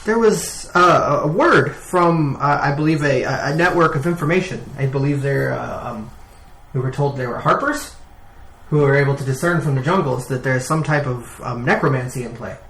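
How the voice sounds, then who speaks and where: A man's voice: medium pitch, normal speed, a bit bright. A man playing a tabletop game, talking hesitantly with many fillers, recorded in a roomy space. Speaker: player.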